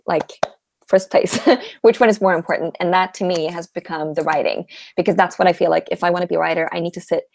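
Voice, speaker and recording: A woman writer shares her plans on a live video panel, earnest and thoughtful, pausing on "uh". Her voice sits a little low and sounds dry and close to the mic. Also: creaky, no room sound. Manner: earnest, thoughtful, with soft laughs and "uh" pauses. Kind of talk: casual live video chat.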